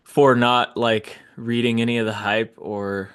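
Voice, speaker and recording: A man co-hosting a casual football podcast, speaking in a measured, candid way. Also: medium pitch, flat delivery, fairly bright tone, clear, resonant tone. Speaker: podcast co-host. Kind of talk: casual sports chat.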